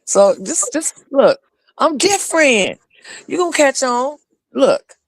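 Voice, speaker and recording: A woman co-hosting a casual talk show, playful and streetwise, talking with blunt, animated energy. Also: high voice, slow, dry recording. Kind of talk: casual chat.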